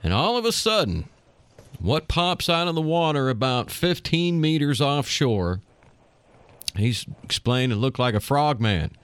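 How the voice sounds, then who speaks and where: A man's voice: medium pitch, sing-song, unhurried, a bit bright, clear, resonant tone, no room sound. A man co-hosting a radio show, telling a story in casual banter, rambling with lots of fillers and chuckles.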